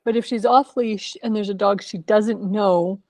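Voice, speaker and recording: A woman's voice: medium pitch, fairly even intonation, measured pace, darkish tone, no echo. A woman taking part in a dog training class, thoughtfully describing a problem she has with her dog. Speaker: class participant.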